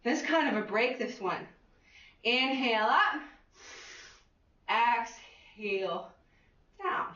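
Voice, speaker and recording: A woman fitness instructor with a high, bright voice cues an exercise class in an unhurried, upbeat way, counting reps and whooping. She is heard from a distance in an echoey room, on a dull lo-fi recording. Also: expressive. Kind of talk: guided exercise class cueing.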